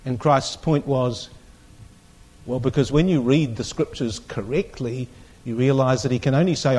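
A man's voice: mid-range voice, normal speed, a little mellow, slightly rough. A man teaching a Bible class, reading scripture aloud with strong emphasis and putting questions to the group.

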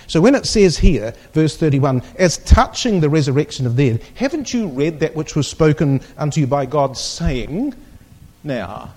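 A man's voice: fairly high pitch, expressive, moderate pace, darkish tone. A man teaching a Bible class, reading scripture aloud with strong emphasis and putting questions to the group.

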